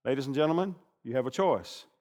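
A man's voice: medium pitch, fast. Older man preaching in an echoing hall. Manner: animated, swings from loud bursts to hushed asides. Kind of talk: sermon. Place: church sanctuary. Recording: long reverb of a large hall.

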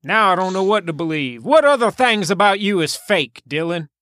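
A man co-hosting a podcast in casual chat, teasing with dry deadpan humor. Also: sits high, normal speed, no echo. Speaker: podcast co-host.

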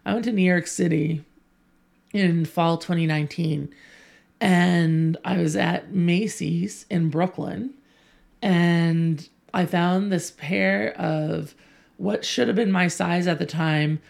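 A woman's voice: fairly low pitch, vocal fry, a little mellow. A woman co-hosting a podcast, chatting casually and telling stories with frequent laughs. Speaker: podcast co-host. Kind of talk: casual chat.

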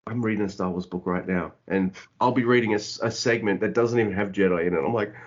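A man co-hosting a podcast in casual chat, animated and joking, sometimes humming a tune. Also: on the low side, quick pace. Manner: animated, joking, breaks into sung hums. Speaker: podcast co-host. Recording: dull lo-fi sound.

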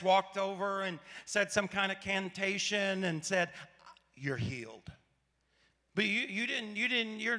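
A pastor from Arkansas, preaching a sermon in a conversational, storytelling way and asking the audience rhetorical questions. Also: male voice, high-pitched, pushed and bright, big-room sound. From Arkansas, USA.

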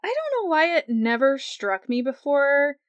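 A young woman hosting a podcast, recapping a TV episode in a casual, chatty way, laughing often and acting out quotes in a higher voice. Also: very animated, measured pace, dry recording, dull audio. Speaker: podcast host.

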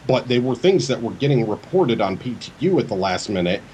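A man in a casual gaming podcast talks fast and firmly, pushing his opinions with emphasis. His voice sits in a middle range. A faint ambience hums underneath. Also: mid-range voice, sing-song, darkish tone, slight background noise, rough recording. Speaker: co-host.

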